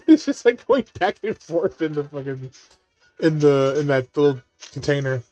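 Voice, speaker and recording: A man's voice: on the high side, unhurried, darkish tone, no room sound, soft background music. A man giving casual watch-along commentary on a movie, laughing often and swearing freely as he riffs jokes.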